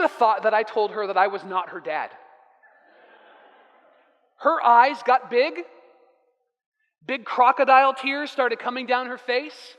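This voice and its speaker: A man's voice: very high-pitched, a little slow, long pauses, a bit bright. A man in his thirties preaching a sermon, telling family stories and acting out the dialogue. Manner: storytelling with acted-out dialogue. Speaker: pastor. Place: church sanctuary. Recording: echoey hall reverb.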